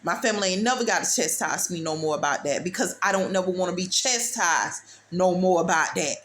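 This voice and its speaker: A woman's voice: on the low side, brisk, a bit bright, a little hiss or hum. A woman giving a preachy motivational testimony. She talks emphatically and repeats herself, calls the listener baby and uses street-talk phrasing. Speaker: speaker sharing testimony.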